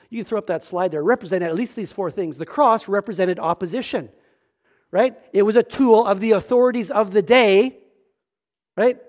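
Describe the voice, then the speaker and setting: A male pastor preaching a sermon in a church, earnest and emphatic, often repeating words as he starts a thought. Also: high-pitched.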